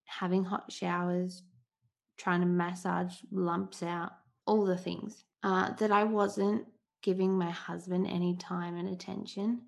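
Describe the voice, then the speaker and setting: A woman in her thirties hosting a solo podcast, talking candidly and from the heart in a relaxed, conversational way. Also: lowish voice, takes it slowly, vocal fry. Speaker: podcast host.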